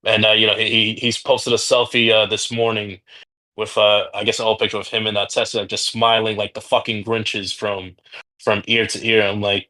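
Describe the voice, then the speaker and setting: A man's voice: fairly low pitch, little pitch movement, moderate pace, bright, forceful tone. A man from the United States co-hosting a casual wrestling podcast, rambling and swearing freely. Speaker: podcast co-host.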